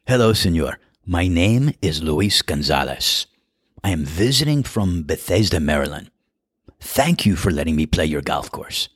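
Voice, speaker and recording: A man's voice: deep voice, sing-song, measured pace, breathy edge, no echo, clean studio sound, exaggerated voice. A man voicing a cheerful middle-aged male golfer who talks in heavy Spanish-tinged broken English, formal and overly polite. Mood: beaming polite.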